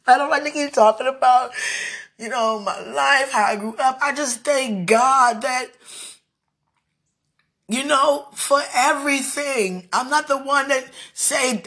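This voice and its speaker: A woman with a high voice offers a tearful, heartfelt prayer and personal message. She halts often, breaking into soft laughs and sighs.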